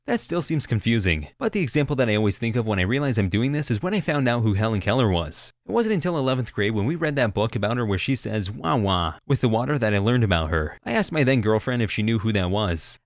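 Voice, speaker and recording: A man reads online stories at a brisk clip, his voice rising and falling in lively swings. His delivery is wry, and he slips into quoted voices now and then. The sound is dry and close, with no room around it. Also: mid-range voice, no room sound. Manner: quick, animated, wry, jumps into quoted voices. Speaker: narrator. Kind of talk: reading online stories aloud.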